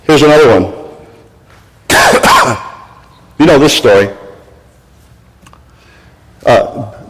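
A man's voice: medium pitch, animated, slow pace, long pauses, a bit bright, slightly rough. An older man preaching a sermon as pastor, exhorting the congregation and calling for responses, with a recurring cough. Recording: echoey church hall.

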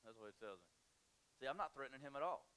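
A male pastor preaching a sermon in a church, animated and humorous, and he repeats his key points for emphasis. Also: mid-range voice, fast, clean tone. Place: church sanctuary.

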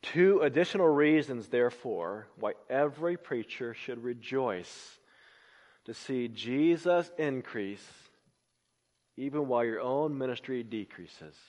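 A man preaching a sermon, swinging between loud emphatic lines and hushed, low phrases. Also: lively intonation, a little slow. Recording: long reverb of a large hall.

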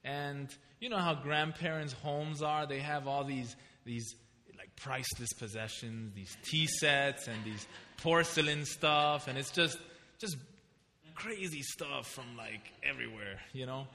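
This preacher has a medium-pitched, somewhat creaky voice and speaks a little slowly, recorded in a reverberant hall. He delivers a sermon built around a personal story, putting pointed questions to the congregation in an animated, storytelling manner.

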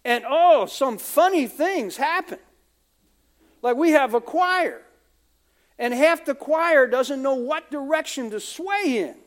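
High-voiced American man preaching. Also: lively intonation, slow pace. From United States. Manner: conversational preaching with asides and quoted voices. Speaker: pastor. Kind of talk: sermon.

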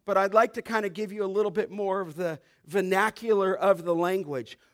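A pastor with a high voice preaches an emphatic expository sermon. He builds his points with repetition and swells in volume as he quotes scripture. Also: fairly quick.

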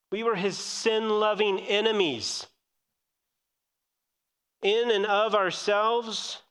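A man's voice: sits high, a bit bright, long reverb tail. A man preaching a sermon in an earnest, emphatic way, repeating key phrases. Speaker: pastor.

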